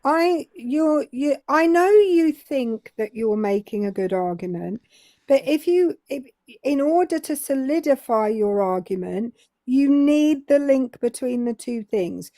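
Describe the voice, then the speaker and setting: A woman's voice: sits high, lively intonation, measured pace, dark tone, no echo. A British-accented English woman in her forties, co-hosting a live call-in debate and pressing a caller with pointed questions. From England. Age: 40s. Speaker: co-host.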